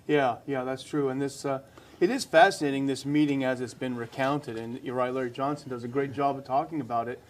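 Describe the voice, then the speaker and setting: A man's voice: mid-range voice, steady tone, a little hiss or hum. A man co-hosting a casual political discussion, conversational and agreeable. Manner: conversational, agreeable, quick asides. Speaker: podcast co-host.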